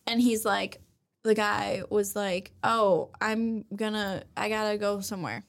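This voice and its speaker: A woman's voice: medium pitch, steady tone, a little slow, creaky. A young woman co-hosting a podcast, retelling an anime episode in a rambling, profane way and acting out the characters' lines. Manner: rambling, swears a lot, acts out characters' lines. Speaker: podcast co-host.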